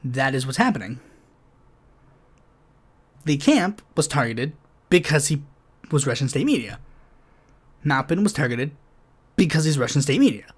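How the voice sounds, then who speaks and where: Male podcast host, sarcastic and exasperated, pitch swinging widely. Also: sing-song, a little slow, long pauses, husky. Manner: exasperated, sarcastic, many fillers. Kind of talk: political commentary monologue.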